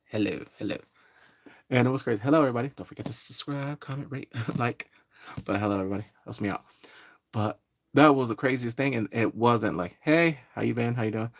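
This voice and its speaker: A man giving a rambling, casual live-stream recap, greeting viewers and laughing often. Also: mid-range voice. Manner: slips into quick exaggerated character voices. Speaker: live-streaming pop culture reviewer.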